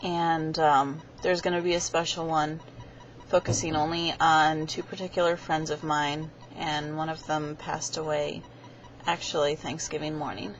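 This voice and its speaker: A young woman with a low voice tells a rambling, chatty story straight to her webcam. She slips into little voices for the people she quotes, and the sound is dull and lo-fi with a faint hiss underneath. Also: level tone, a little slow. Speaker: vlogger.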